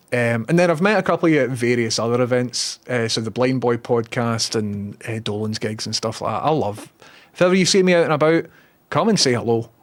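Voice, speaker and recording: A man with a Scottish accent streaming online, chatting casually, reading viewer comments and telling animated anecdotes. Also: medium pitch. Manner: animated storyteller acting out others' lines. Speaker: Twitch streamer.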